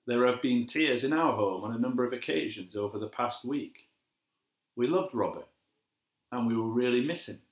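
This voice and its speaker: A man giving a gentle, measured devotional sermon as a pastor, slowing down to repeat key phrases. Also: mid-range voice. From England. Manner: gentle, measured and reflective, with slow emphatic repetitions. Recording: echoey room.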